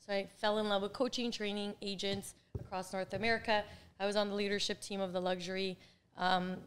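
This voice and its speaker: A real estate coach in her forties chats as a guest in a casual interview, laughing often as she tells stories. Her mid-range voice moves little in pitch and runs fairly quick. A slight background noise is present.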